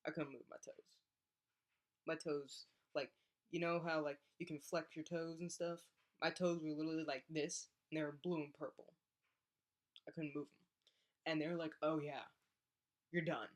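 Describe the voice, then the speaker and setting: A woman's voice: low-pitched, moderate pace, pauses often. A young woman, a college athlete, telling a personal story in a casual vlog and acting out the voices of the people in it. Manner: animated, acts out voices in her story.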